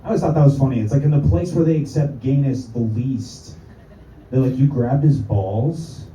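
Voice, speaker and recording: A man's voice: mid-range voice, brisk, dark tone, a little hiss or hum. A man doing a stand-up set, crude and self-mocking, full of rambling asides. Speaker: stand-up comedian. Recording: echoey room, far from the mic, dull.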